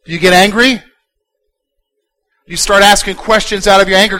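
Pastor, male, high-pitched voice, dynamic sermon delivery that moves between hushed and loud. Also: measured pace, pauses often, low-quality recording. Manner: dynamic preaching, swinging from soft to loud and emphatic.

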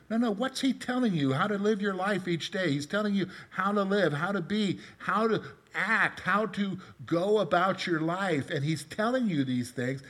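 A man's voice: high-pitched, expressive, moderate pace, fairly bright tone. A middle-aged man preaching a conversational sermon, asking his congregation questions and telling personal stories. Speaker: pastor.

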